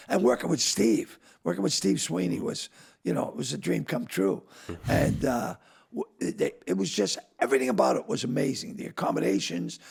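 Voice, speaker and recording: An older man, a comedian and actor guesting on a podcast, telling stories in a casual, animated way and acting out the voices he quotes. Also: medium pitch. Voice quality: gravelly, raspy. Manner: animated raconteur who acts out quoted voices. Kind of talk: casual storytelling chat.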